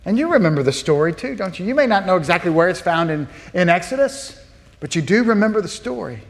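Male pastor, earnest sermon delivery, slightly high pitch, big reverberant hall. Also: very animated, fast talker. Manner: earnest, asks the listeners rhetorical questions. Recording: long reverb of a large hall.

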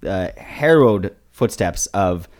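A man with a lowish voice that leaps up and down in pitch as he jokes. He co-hosts a casual podcast, teasing his partner in a dry, deadpan way. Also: takes it slowly. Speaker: podcast co-host. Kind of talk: casual comedic chat.

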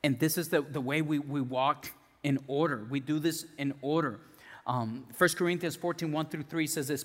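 A male pastor giving a conversational sermon with restarts, dropping soft and low when he prays. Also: fairly even intonation, moderate pace. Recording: long hall reverb.

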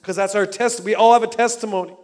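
High-voiced man preaching a lively sermon. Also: fast talker. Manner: energetic, conversational preaching with acted-out quotes. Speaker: pastor.

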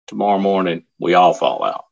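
Man voicing a stern army sergeant, bold, commanding, deep voice. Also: fairly quick, creaky, highs cut off. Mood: firm. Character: stern, defiant male American army sergeant. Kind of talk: acted quote within a spoken story.

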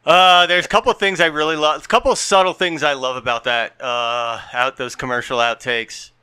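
Bright, crisp-voiced man chatting casually. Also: a little high, fairly even intonation, fairly quick, dry recording. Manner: laughs often, trails off and restarts mid-story. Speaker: podcast co-host. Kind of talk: casual chat.

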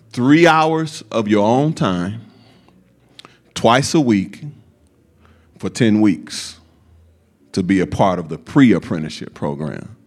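Slow, emphatic preacher man. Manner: slow, emphatic preaching with sudden high acted quotes and folksy asides. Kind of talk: sermon.

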